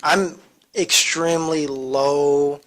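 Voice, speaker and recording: A man's voice: a little high, fairly even intonation, extremely slow, fairly bright tone. A man speaking on an alumni career panel, eager and chatty, with a self-deprecating streak. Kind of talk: casual seminar talk.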